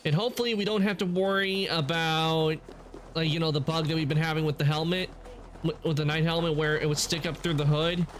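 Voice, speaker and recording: A man's voice: a little high, fairly even intonation, a little fast, slight background noise. A man streaming a game live, chatting casually and correcting himself as he rambles along. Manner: rambling, with frequent self-corrections. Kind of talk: casual gameplay commentary.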